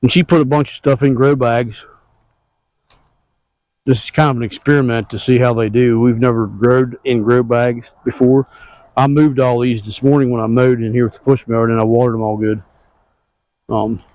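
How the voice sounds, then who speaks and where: A man giving a casual weekly garden update on his homestead, rambling in a relaxed country way outdoors as his wife films. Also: mid-range voice, normal speed, long pauses, dry recording, rough recording. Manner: relaxed, rambling country talk with plain grammar. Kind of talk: casual walk-through narration.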